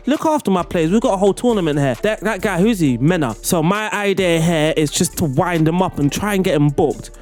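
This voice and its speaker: A young man giving excitable, playful play-by-play commentary on a football management game, often laughing. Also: high voice. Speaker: gaming YouTuber.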